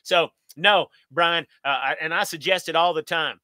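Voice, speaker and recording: A folksy middle-aged man from the answers viewer questions on a live stream. His voice sits high and bright, recorded close and dry. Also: normal speed, no room sound. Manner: folksy, upbeat, talks straight to viewers. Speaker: channel host.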